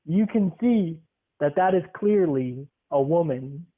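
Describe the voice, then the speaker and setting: Young male podcast host, playful teaser, higher voice, phone-quality audio. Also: animated, takes it slowly. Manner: teasing, joking storyteller. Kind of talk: casual podcast chat. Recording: tinny phone-like sound.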